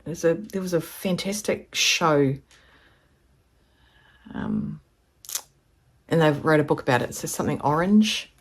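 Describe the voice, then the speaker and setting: A woman's voice: low-pitched, lively intonation, a little slow, long pauses, slightly rough. A woman, chatting casually to camera in a rambling, storytelling way. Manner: chatty, rambling, acts out quoted voices. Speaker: vlogger.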